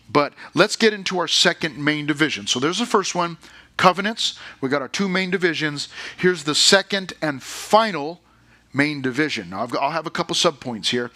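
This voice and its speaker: Man preaching, youth sermon, bright tense voice, slightly high, chatty. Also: expressive, normal speed. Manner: conversational, asks the listeners questions. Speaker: pastor.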